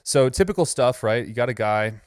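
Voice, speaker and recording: A man's voice: mid-range voice, expressive, moderate pace, a little mellow, clear, resonant tone, no room sound, studio quality. Laid-back sarcastic man reacting to clips. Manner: sarcastic, laughing, loose and profane. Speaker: host reacting to videos. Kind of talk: casual reaction commentary.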